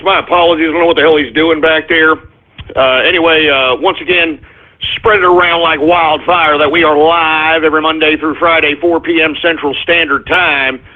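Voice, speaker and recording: A man with a high-pitched voice hosts a comic talk radio show over a thin, phone-like line. He rambles to his listeners and keeps snapping, exasperated, at people and pets off the air. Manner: exasperated, scolding asides to an unseen crew and a dog. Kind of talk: comedic talk radio monologue. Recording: phone-like narrow-band audio.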